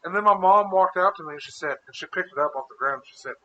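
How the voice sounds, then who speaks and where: Very bright, laughing crude storyteller. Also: male voice, high-pitched, quick pace, muffled recording. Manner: laughs often, rambling, crude. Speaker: podcast co-host. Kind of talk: casual storytelling chat.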